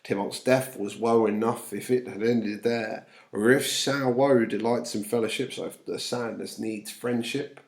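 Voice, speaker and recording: Gravelly-voiced man teaching a play. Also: medium pitch, steady tone, a little slow, hardly any pauses. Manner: reads quoted verse louder, then paraphrases softly. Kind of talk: explaining a play line by line.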